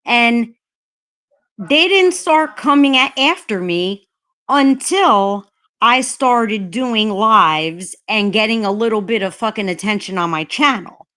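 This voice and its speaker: A woman's voice: a little high, expressive, a little slow, a bit bright. A woman hosting a livestream chat, ranting heatedly and swearing a lot. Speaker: livestream host.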